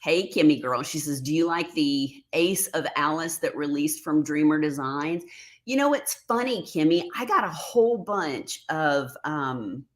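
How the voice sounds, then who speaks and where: A woman's voice: deep voice, expressive, measured pace. A middle-aged woman hosting a casual livestream, reading out viewer comments and talking openly, getting emotional at times. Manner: emotional, sarcastic, reads out chat comments. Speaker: livestream host.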